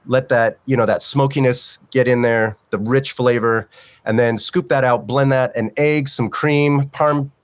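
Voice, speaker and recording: A man who teaches, talking as a guest on a casual podcast, searching for words and warming up with enthusiasm. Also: mid-range voice, steady tone, a little slow.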